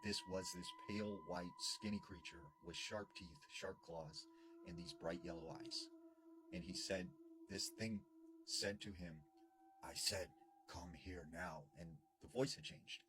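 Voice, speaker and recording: A man's voice: low-pitched, huge pitch swings, a little slow. A man casually retelling a scary story he heard from someone else, repeating "and he said" and "you know" as he goes. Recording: noisy background.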